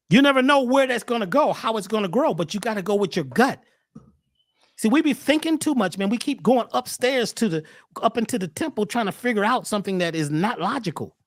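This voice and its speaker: A man as a podcast guest talking casually in an animated, preachy way, often repeating words as he starts a thought. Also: sits high, no room sound, clean studio sound.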